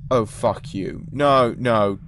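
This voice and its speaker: A man's voice: medium pitch, slow pace, fairly bright tone, a little hiss or hum. An eighteen-year-old man giving gameplay commentary, jumpy, swearing and shrieking at scares. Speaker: gamer.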